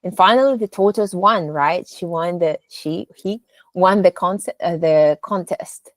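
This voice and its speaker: Slow, patient woman speech coach. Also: on the low side, no room sound. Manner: demonstrative, exaggerates rising and falling intonation in examples; patient, explains step by step with fillers like "so" and "like". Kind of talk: instructional lesson on delivery.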